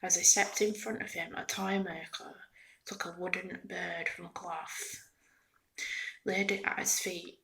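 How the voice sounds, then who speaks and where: ASMR storyteller, woman, soft and half whispered, a touch low in pitch. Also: little pitch movement, unhurried, vocal fry, low-quality recording. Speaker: ASMR reader. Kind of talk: soft-spoken ASMR reading.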